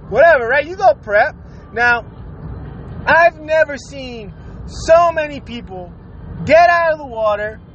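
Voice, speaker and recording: High-voiced man ranting with lots of swearing. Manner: profane, animated, laughs while ranting. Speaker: podcast host. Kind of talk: casual solo rant. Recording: slightly dull audio with faint noise.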